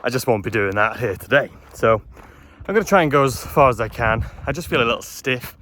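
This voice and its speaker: A man's voice: medium pitch, animated, a little fast, fairly bright tone. A man vlogging from a windy mountain trail, slightly out of breath, chatty and frustrated. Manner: chatty, frustrated, self-deprecating. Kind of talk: casual vlog narration while hiking. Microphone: phone camera held while walking. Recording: faint wind noise outdoors. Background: wind noise.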